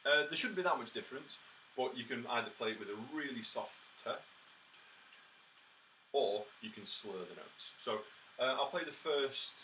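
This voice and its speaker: A man's voice: medium pitch, animated, moderate pace, long pauses, pushed and bright. A man giving a brass tutorial, explaining practice tips and counting beats and sounding out rhythms with spoken "ta" syllables. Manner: practical, encouraging, lots of "uh" and "um". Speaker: brass teacher. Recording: somewhat distant mic with faint background noise.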